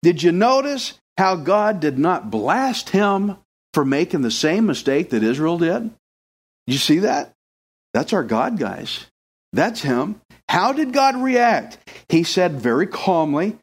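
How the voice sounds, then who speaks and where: A man preaching a sermon in an animated way, acting out the voices of the people he quotes. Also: fairly high pitch, unhurried, slightly rough.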